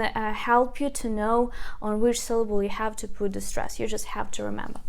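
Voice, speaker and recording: A woman with a Ukrainian accent teaching a language lesson, speaking slowly and patiently, repeating words for learners at a whiteboard. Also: on the high side. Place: classroom with a whiteboard.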